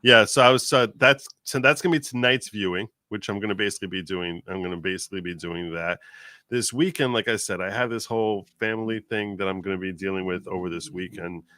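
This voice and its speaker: Casting note: man, low-ish pitch, bright forceful tone, animated rambling guest, dry close sound. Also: fast talker, dry recording. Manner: animated, rambling, many restarts. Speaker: guest commentator. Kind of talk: casual chat.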